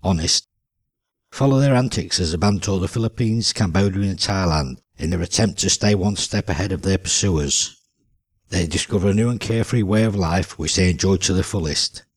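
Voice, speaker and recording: Husky low-voiced male narrator. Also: brisk, dry recording. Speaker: audiobook narrator. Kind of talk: scripted audiobook narration.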